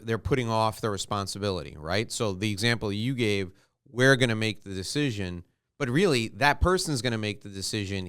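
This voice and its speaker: A man's voice: medium pitch, a bit bright, clean tone. A man hosting a podcast, asking conversational, probing follow-up questions. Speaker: podcast host. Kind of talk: interview questions.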